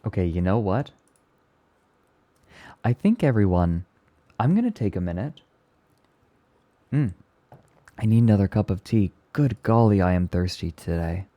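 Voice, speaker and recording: A man streaming and chatting casually with his viewers, speaking gently and with enthusiasm. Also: on the low side, lively intonation, unhurried, long pauses, no room sound. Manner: gentle, soft-spoken. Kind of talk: casual live-stream chat, answering chat.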